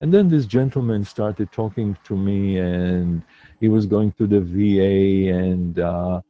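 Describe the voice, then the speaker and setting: A man talking as a meditation teacher in a slow, reflective livestream talk, pausing and restarting often. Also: low voice, muffled recording. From lives in New York City.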